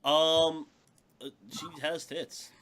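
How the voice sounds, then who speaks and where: A man running a tabletop game as dungeon master, narrating in a loose, halting way with many fillers. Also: on the high side, flat delivery, fairly bright tone, clear, resonant tone. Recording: dull muffled audio with background hiss.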